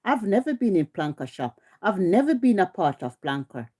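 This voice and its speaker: On her livestream, a Jamaican-accented middle-aged host rants heatedly, scolding and confronting her audience again and again. Her mid-range voice is very animated, dark and husky, and she keeps a moderate pace.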